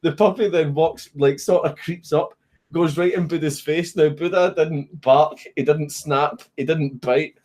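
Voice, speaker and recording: A man's voice: a little high, steady tone, measured pace, darkish tone. A Scottish man on a casual livestream, swearing often and laughing through his stories while reading comments. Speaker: streamer. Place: home, at a computer, with a puppy. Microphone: desk microphone.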